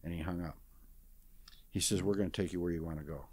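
A sixty-something man guesting in an interview tells a story fast, his low voice steady, darkish and slightly rough, on a dry recording. Casual and plain-spoken, his folksy retelling leans on "I says" as he voices other people's lines in quoted dialogue.

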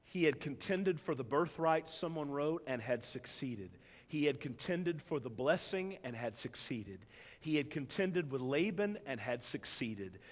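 Preacher, male, fairly high-pitched, in a big reverberant sanctuary, dramatic loud-to-quiet delivery. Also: lively intonation, a little slow. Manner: preaching with big swings between loud emphatic build-ups and hushed low passages. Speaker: pastor. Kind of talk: sermon. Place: church sanctuary. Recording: long church hall reverb.

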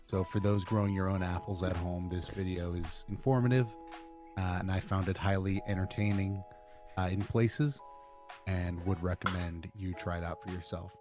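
A man chatting casually with friends over a game, prone to loud excited outbursts and animated storytelling. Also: sits low, moderate pace, music in the background. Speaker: gamer and podcast co-host. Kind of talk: casual gaming chat with friends.

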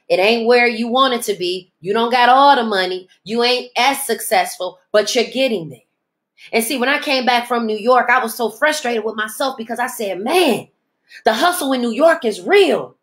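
A woman's voice: on the high side, normal speed, a bit bright. A woman hosting a podcast, delivering an emphatic, preachy motivational monologue. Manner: emphatic, preachy, speaks in dialect, mimics others in asides. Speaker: podcast host.

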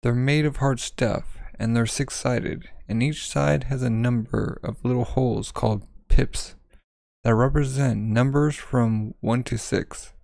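A brash teenage schemer from a comic, read out by a man, pushy and full of slang. His voice is gravelly and dry, with no room around it. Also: mid-range voice, fairly even intonation, measured pace, darkish tone, no room sound. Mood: coaxing. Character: brash, scheming teenage boy, cocky and excitable.

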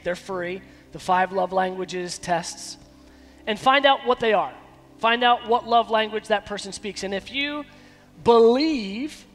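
A man preaching a sermon as pastor, emphatic, with dramatic pauses. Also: high voice, fairly bright tone, in a large hall. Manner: acts out quoted dialogue in shifting voices. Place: church sanctuary.

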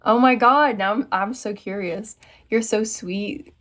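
Brief: young American woman, bubbly livestream host, mid-pitched voice, chats with her viewers. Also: measured pace, a bit bright. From United States. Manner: bubbly, reads viewer comments aloud and answers them. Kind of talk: casual livestream chat.

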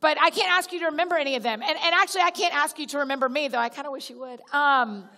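A woman's voice: high voice, racing, bright, forceful tone. Chatty woman preaching in a reverberant hall. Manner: chatty, direct, addresses listeners as y'all; restarts sentences and acts out little prayers. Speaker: guest speaker at a church gathering. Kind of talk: conversational sermon. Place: church auditorium. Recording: long reverb of a large hall.

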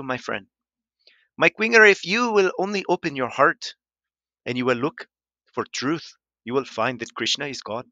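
A man voicing a pompous male street preacher who booms and sermonizes in a mocking way. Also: pushed and bright, no room sound, muffled recording, lightly acted.

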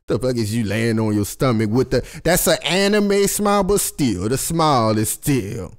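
A young man hosting his own vlog, talking casually to his audience and swearing freely, with his voice jumping up high when he gets worked up. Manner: animated, swears constantly, jumps high in pitch for emphasis. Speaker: vlogger host. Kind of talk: casual profane commentary to camera.

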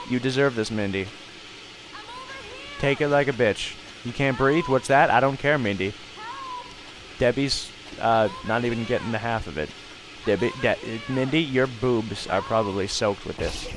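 A young man giving joking let's play commentary, swearing often and bursting into shouts. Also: mid-range voice, a little hiss or hum. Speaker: gamer.

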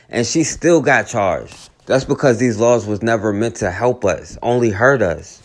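Man delivering a preachy radio commentary. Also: medium pitch. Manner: earnest, preachy. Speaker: radio talk host. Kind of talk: commentary monologue.

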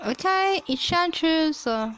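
A young woman chatting casually as she reads out results from a simulation game, with frequent excited exclamations. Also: extremely high pitch, slow, muffled recording. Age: young adult. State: coughing at times. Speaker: player reading a simulator. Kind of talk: casual play-along commentary.

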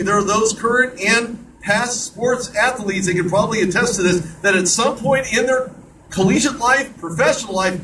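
A man hosting an online radio show, talking in a chatty monologue with joking asides. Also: high voice. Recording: distant mic with clear background noise.

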